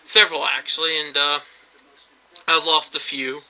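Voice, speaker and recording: A man's voice: a little high, level tone, moderate pace, pushed and bright, low-quality recording. A man, telling rambling stories in a casual vlog monologue, full of fillers and laughs. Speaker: YouTube vlogger.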